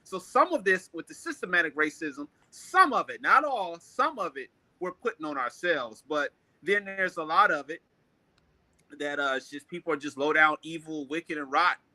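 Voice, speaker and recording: A blunt man in shares strong opinions with a high, very bright voice. The sound is dry and close, with no room around it. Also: expressive, moderate pace, no echo, poor audio. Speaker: co-host. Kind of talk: candid discussion.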